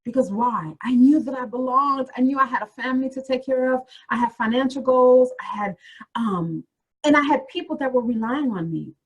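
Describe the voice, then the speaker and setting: Woman career coach, slightly husky tone, encouraging motivational webinar delivery, speaks straight to listeners. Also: high-pitched, moderate pace, lo-fi sound. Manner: encouraging, repeats phrases, addresses listeners directly.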